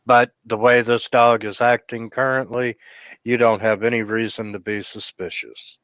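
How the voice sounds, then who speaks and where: A man's voice: medium pitch, little pitch movement, normal speed, fairly bright tone, dry recording, highs cut off. A man narrating as game master, hesitant and full of filler sounds. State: hiccups.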